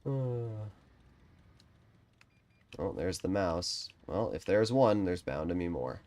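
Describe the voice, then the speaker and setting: Streamer, male, lively pitch, swings from quiet planning to loud swearing rants. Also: takes it slowly. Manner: frustrated ranting, swears often; quiet, low-key strategy talk. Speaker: gaming streamer. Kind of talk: live game commentary.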